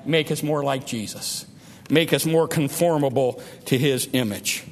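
A man preaching a sermon, emphatic, often repeating and restarting words, rising to loud peaks and dropping low. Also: measured pace, in a large hall.

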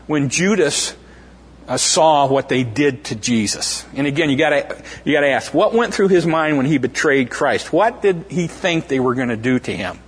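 A man with a slightly raised, husky voice preaches in a hall with long reverb. He retells scripture in a loose, conversational way, stumbling over restarts and fillers and acting out the quoted voices as he goes. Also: on the high side, animated, moderate pace. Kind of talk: informal sermon retelling scripture.

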